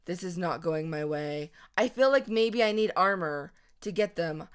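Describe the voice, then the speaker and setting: A young woman giving chatty, excitable commentary on her own gameplay, gasping and squealing at surprises. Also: lowish voice, measured pace, few pauses, smooth. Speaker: gaming video host.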